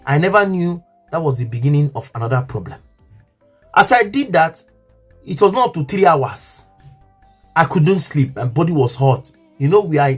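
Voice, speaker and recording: A man's voice: a little high, slightly rough. A man with a Nigerian English accent telling an emotional story to his viewers, earnest and repetitive, often asking if they understand.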